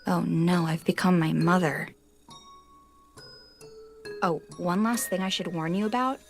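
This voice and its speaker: Scatterbrained young homeowner, bubbly and rambling, game score under the lines. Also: female voice, on the low side, steady tone, unhurried, creaky. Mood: chatty. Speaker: video game character. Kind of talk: studio game voice acting. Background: game music.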